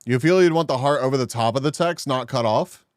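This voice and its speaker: A man's voice: medium pitch, a little fast, no room sound, clean studio sound. A man live-streaming and chatting casually with his viewers, making crude jokes and laughing often.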